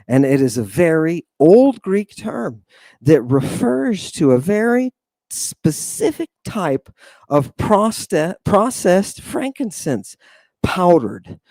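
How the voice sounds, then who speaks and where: A man's voice: high voice, slow pace, no room sound. A man lecturing on scripture in an impassioned, preacherly way, sighing often, with sarcastic asides, and forever asking his listeners "right?". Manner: animated, preacherly, keeps addressing listeners as "people" and asking "right?". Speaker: host.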